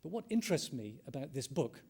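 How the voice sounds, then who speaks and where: A middle-aged man, an ethnomusicologist, giving a measured conference lecture, thinking aloud and restating his phrases with frequent ums. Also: mid-range voice, big pitch swings, vocal fry, mellow, breathy edge.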